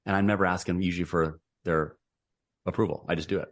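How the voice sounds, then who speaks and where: Brief: middle-aged man, low voice, earnest podcast guest who rambles and restarts a lot. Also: steady tone, quick pace. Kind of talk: casual interview conversation.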